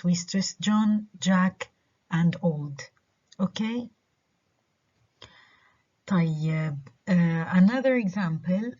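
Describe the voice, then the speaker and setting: Husky woman lecturing with a Levantine Arabic accent. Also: lowish voice, mellow. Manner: explains slowly with repeated examples and frequent check-ins. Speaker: university lecturer. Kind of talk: recorded lecture mixing English and Arabic. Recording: dull lo-fi lecture recording.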